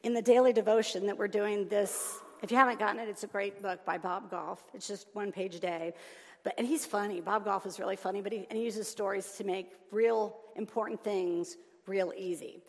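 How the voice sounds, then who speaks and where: A woman delivers a sermon in a church sanctuary, her voice sitting at an ordinary middle pitch. She swings between loud, emphatic lines and soft, hushed ones. The sound carries a long reverb from the large hall. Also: steady tone, moderate pace. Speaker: preacher.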